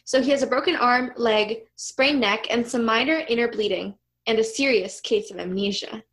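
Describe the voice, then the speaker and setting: A woman's voice: fairly high pitch, normal speed, a bit bright. A young woman reading a story aloud as a comedy co-host, sarcastic and amused as she comments on it.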